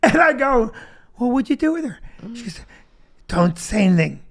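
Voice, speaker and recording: A man's voice: extremely high pitch, big pitch swings, moderate pace, gravelly, fairly bright tone. A man telling a comic story as host of a live show, laughing through his own jokes. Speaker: comedian host. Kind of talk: comedic storytelling.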